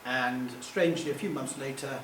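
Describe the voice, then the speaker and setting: A man's voice: medium pitch, moderate pace, a bit bright, a little hiss or hum. A middle-aged man telling anecdotes to a live audience in a chatty, self-deprecating way, stumbling over names and laughing at himself. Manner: chatty, self-deprecating, acts out quoted voices. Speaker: public speaker. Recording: echoey room, distant mic.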